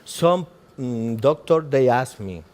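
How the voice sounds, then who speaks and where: A man, a doctor, talking through a live procedure demonstration in halting, fragmented phrases. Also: mid-range voice, expressive, a little mellow.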